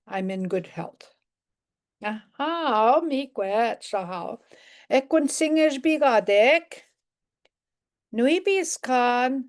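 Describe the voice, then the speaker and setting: A woman teaching a live language lesson, patiently repeating each phrase and gently correcting pronunciation. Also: mid-range voice.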